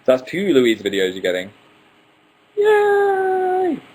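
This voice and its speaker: Chatty young man with a low voice. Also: normal speed, slight background noise, poor audio. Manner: chatty, answers viewer questions one after another, playful asides. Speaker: livestream host. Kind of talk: casual live Q&A.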